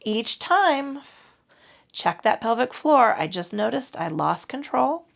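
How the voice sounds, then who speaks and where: A woman leading a mat pilates class, calmly cueing breaths and movements with chatty asides. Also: fairly high pitch, slow, vocal fry. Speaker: pilates instructor. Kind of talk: guided exercise instruction.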